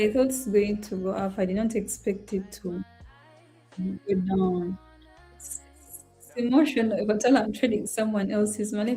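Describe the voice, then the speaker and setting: A woman's voice: mid-range voice, warm tone, slightly rough. Emotional young woman streaming live trades. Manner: emotional and apologetic, talking to herself while trading. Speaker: trading livestream host. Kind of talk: casual livestream chat to viewers. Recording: faint music behind.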